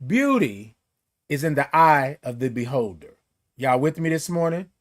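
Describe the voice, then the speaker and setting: A man hosting a casual morning live stream, greeting viewers by name with long, drawn-out, sing-song good mornings and talking in a relaxed, encouraging way. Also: fairly high pitch. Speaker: host.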